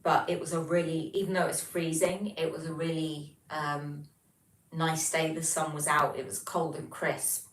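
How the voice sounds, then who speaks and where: Low-voiced English woman chatting on stream. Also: flat delivery, moderate pace, slight background noise. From England. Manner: chatty, reads out comments, lots of ums. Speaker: livestream host. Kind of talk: casual livestream chat. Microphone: phone. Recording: echoey room, mic far off.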